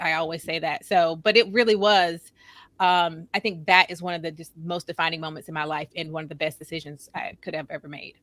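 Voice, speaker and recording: A woman's voice: on the low side, bright, forceful tone, no echo. A woman guesting on a podcast, talking earnestly in a casual conversation and repeating phrases for emphasis.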